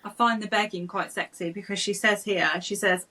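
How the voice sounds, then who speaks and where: Bright-toned giggly woman podcaster. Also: medium pitch, fairly even intonation, brisk, rough recording. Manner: chatty, giggly, swears casually. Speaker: podcast co-host. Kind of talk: casual book chat.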